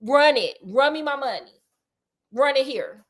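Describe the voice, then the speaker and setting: A brash, sassy male detective talks in slow, stretched-out slang as he demands to be paid, played by a woman storyteller. The voice sits high and lively. The tone stays cocky and unbending. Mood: demanding. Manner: sassy, slangy, drawn-out emphatic delivery.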